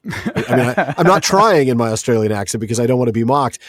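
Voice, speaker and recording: A man's voice: medium pitch, no room sound. A man co-hosting a podcast in a casual book discussion, reading passages aloud and laughing easily. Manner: animated, reads passages aloud, quick to laugh. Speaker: podcast co-host.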